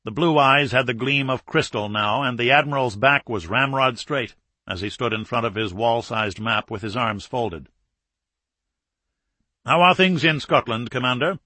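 A male narrator reads in a steady, measured way, his voice bright and forceful at a mid pitch. He is on a close studio mic, and the sound is dry with no room around it. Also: no room sound. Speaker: audiobook narrator. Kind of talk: scripted narration.

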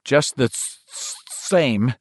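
A man's voice: mid-range voice, expressive, takes it slowly, fairly bright tone, no echo, studio quality. A man reading an audiobook, voicing an earnest young boy who stutters heavily. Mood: troubled. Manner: heavy stutter. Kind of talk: audiobook character voice.

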